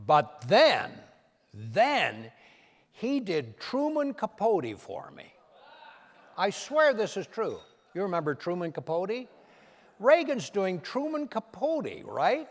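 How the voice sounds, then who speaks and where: An older man, a comedian and impressionist, telling anecdotes to a live audience in a punchy, animated way. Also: sits high, measured pace. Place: large event hall. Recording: long hall reverb.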